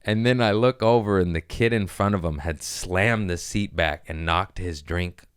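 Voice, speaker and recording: A man's voice: low-pitched, moderate pace, smooth, no room sound. A man hosting a comedy podcast, telling stories in a laid-back, slangy, profane way close to the mic. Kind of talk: casual storytelling chat.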